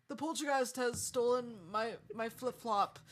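A young woman co-hosting a podcast, giggly and excitable, reacting loudly to stories. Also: a little high, a little slow. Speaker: podcast co-host. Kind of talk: casual chat.

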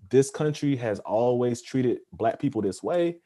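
A man in casual podcast discussion, speaking earnestly with emphatic repetition and softer asides. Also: medium pitch, expressive, measured pace, no room sound, studio quality.

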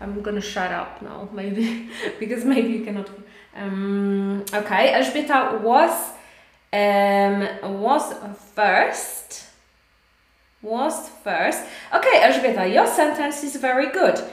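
A woman's voice: mid-range voice, slow pace. A woman with a Polish accent who teaches English in a live online lesson, chatty and encouraging, with many fillers while she corrects her students. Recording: echoey room.

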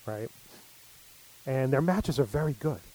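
A man's voice: medium pitch, lively intonation, a little slow, warm tone, rough recording. A middle-aged man telling stories in casual chat, full of fillers. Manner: rambling storyteller, many fillers.

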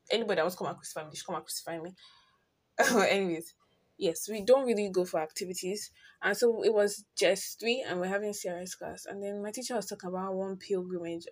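A teenage girl with a Nigerian accent talks straight to her listeners in a casual solo podcast. She is chatty and earnest, jumping from loud bursts to quiet, soft asides. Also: medium pitch. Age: teens. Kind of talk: casual personal monologue.

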